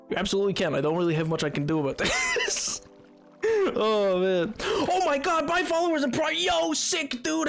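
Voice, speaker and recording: Excitable man in old-timey radio accent. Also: extremely high pitch, a little slow, gravelly, long pauses, soft background music. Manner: playful, excitable, laughs often. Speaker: live streamer. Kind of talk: casual live-stream chat while gaming.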